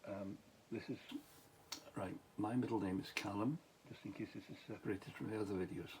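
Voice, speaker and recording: A man's voice: on the low side, fairly even intonation, a little fast, noisy background. A tired middle-aged Scottish man, a former police officer, telling a meandering story late at night with many restarts, asides and chuckles.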